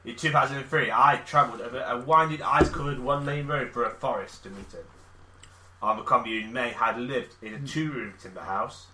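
A man co-hosting a comedy podcast, reading a story aloud in a straight, deadpan way. His voice is bright and mid-pitched, and the room sounds echoey. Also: brisk, a little hiss or hum. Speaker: podcast co-host. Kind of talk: reading a news article aloud with banter.

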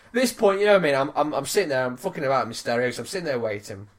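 A podcast co-host, telling an angry story in an excitable, sweary way and mimicking people. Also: mid-range voice, very fast, few pauses. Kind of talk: animated storytelling rant.

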